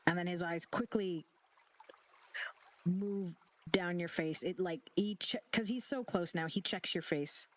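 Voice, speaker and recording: A game master narrating scenes. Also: mid-range voice. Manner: detailed, halting narration with restarts.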